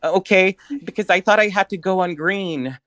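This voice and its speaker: A flustered, unsure young man, as a man puts him on who stammers in a slightly raised voice. Clear noise and clicks sit behind him in the recording. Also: sits high, moderate pace, pitched above the performer's own voice, natural voice. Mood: nervous. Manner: hesitant, unsure.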